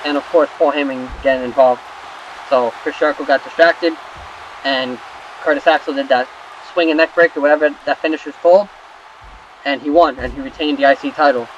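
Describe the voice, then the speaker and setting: A young man casually recapping wrestling results while playing a game, rambling and swearing with excitable asides. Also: medium pitch, brisk, lo-fi sound, slight background noise. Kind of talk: casual recap over gameplay.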